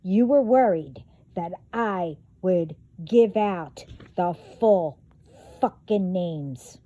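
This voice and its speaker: A woman's voice: on the low side, expressive, very slow, mellow, dull audio. A woman vlogger delivering a profane, confrontational rant straight to her viewers. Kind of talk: angry rant to camera.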